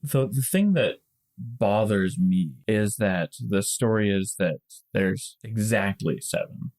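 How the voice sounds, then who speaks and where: A man's voice: on the low side, expressive, slow pace, a little mellow. A man co-hosting a podcast, explaining things at length in casual chat with small restarts. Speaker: podcast co-host.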